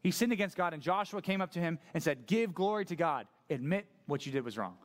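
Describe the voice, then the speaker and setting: Male pastor, conversational sermon, slightly raised pitch, lively and informal. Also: quick pace. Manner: casual, conversational, animated.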